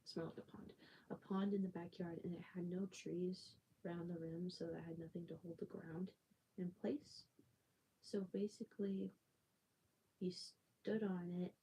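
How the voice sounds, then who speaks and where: A woman's voice: on the low side, steady tone, normal speed, slight background noise, poor audio. A woman on a livestream telling a story in casual, rambling talk, full of fillers and self-corrections, sometimes dropping to a near-whisper. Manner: soft-spoken, drifts into near-whispers. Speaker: livestream host.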